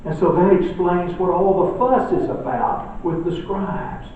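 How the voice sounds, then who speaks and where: A man preaching a sermon, swinging between loud emphatic lines and hushed quiet ones. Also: high-pitched, fairly even intonation, measured pace, slight background noise. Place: church sanctuary. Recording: echoey church room from far off, dull.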